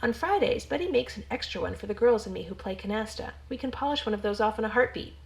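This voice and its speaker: A woman voicing a chatty, lively older mother in a put-on accent, in an audiobook reading. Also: fairly high pitch, quick pace, creaky.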